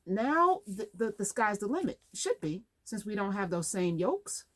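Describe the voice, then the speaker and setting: Woman radio host, mid-pitched voice; lively, conversational interviewer. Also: unhurried. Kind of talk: radio talk show interview.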